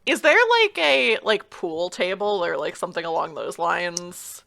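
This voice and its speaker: A woman's voice: on the low side, a little slow, vocal fry, bright, forceful tone. A woman playing a tabletop game, describing her scene hesitantly, giggling, with many fillers. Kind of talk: casual role-play narration.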